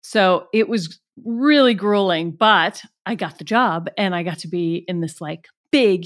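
A middle-aged actress guest telling a story in a casual interview, animated and laughing as she goes. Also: mid-range voice.

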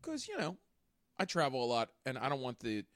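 Man, podcast co-host, lively swooping pitch, dry close sound, casual chat with fillers. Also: a little fast, dry recording. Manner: animated, swears freely, many fillers.

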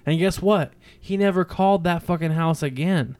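A man with a slightly high voice tells stories in a brash, cursing, animated way. His delivery is boastful and loose, full of swagger. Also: moderate pace. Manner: brash, profane, animated storyteller. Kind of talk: casual storytelling chat.

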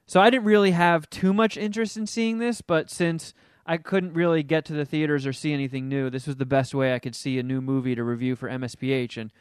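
A podcast co-host casually reviews a movie he watched, swearing freely and putting on mocking voices as he animatedly retells scenes. His fairly high, smooth voice moves briskly with few pauses, in a clean, dry studio recording.

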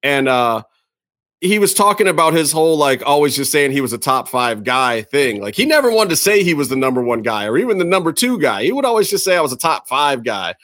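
A man's voice: a little high, fairly quick. Emphatic man on a wrestling podcast. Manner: animated, emphatic, repeats words. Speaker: podcast co-host. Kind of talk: casual wrestling podcast chat.

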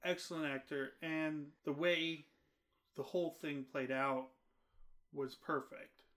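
A man with a fairly high voice co-hosts a relaxed movie podcast. He talks in an easygoing, halting way, often pausing with fillers as he sorts out his thoughts. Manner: easygoing, hesitant, full of fillers. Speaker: podcast co-host. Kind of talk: casual movie review chat.

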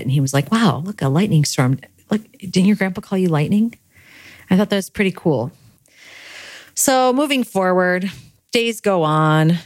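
A woman's voice: deep voice, no room sound. A young adult woman, grieving, telling a candid, self-deprecating personal story in a casual monologue and laughing at herself.

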